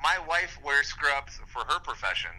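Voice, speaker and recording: A man's voice: on the high side, very animated, normal speed, sharp tone. A man chatting casually over a phone call while pacing around, rambling and laughing easily. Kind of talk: casual chat.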